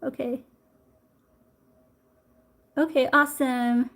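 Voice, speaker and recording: A middle-aged woman teaching acupressure on a live stream, chatty and warm, stopping to greet viewers. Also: a little high, steady tone, normal speed. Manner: warm, chatty, reads viewer comments aloud. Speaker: acupressure instructor. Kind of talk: live-streamed health lesson.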